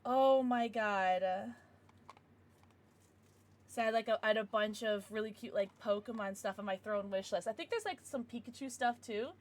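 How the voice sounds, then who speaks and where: A woman's voice: fairly high pitch, normal speed. A young woman streaming casually from home, gushing over gifts and baby-talking to her dogs between chats with viewers. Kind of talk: casual livestream chat.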